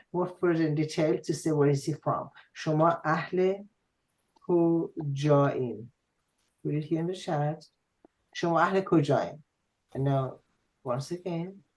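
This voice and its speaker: A man tutoring a student online, explaining patiently with frequent pauses and fillers. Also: a little high, darkish tone, rough recording. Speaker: language tutor.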